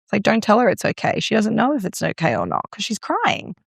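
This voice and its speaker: A woman's voice: mid-range voice, wildly swooping pitch, brisk, gravelly, husky, dry recording, studio quality. A young Australian woman, a breathwork guest, telling stories in casual chat full of "like" fillers. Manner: chatty, storytelling, many "like" fillers.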